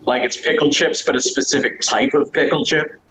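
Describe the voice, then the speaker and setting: A man's voice: on the high side, steady tone, normal speed, background noise. A man hosting a podcast, playfully putting teasing questions to a guest. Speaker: podcast host asking questions. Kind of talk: casual chat.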